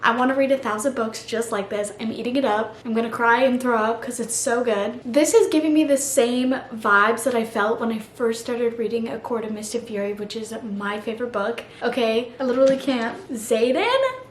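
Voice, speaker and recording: A young woman chatting casually about books in a vlog, gushing and animated, full of slang. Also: a little high, normal speed, a little hiss or hum. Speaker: book vlogger. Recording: echoey room with faint ambience.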